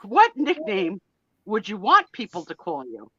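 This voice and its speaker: A woman hosting a casual live chat, animated and laughing, given to dramatic outbursts. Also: mid-range voice, measured pace, lo-fi sound. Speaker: host.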